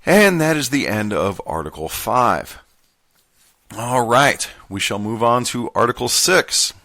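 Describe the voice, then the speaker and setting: A man reading a contract manual aloud in a put-on Southern gentleman voice, measured and formal. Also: medium pitch, big pitch swings, no echo, exaggerated voice. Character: genteel Southern gentleman reading legal text.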